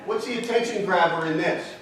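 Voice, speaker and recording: A man's voice: sits high, brisk, crowd noise. Man lecturing in an echoey hall. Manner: fires rhetorical questions at the audience. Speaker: seminar presenter. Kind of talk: marketing seminar lecture. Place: hotel conference room. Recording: echoey hall, distant mic, audience present.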